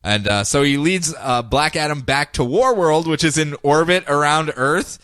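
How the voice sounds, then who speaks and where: A man co-hosting a podcast, recapping comic books in a casual, animated way and laughing often. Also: a little high, smooth, no echo, clean studio sound. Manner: animated, laughing, puts on quick voices for characters. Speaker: podcast co-host.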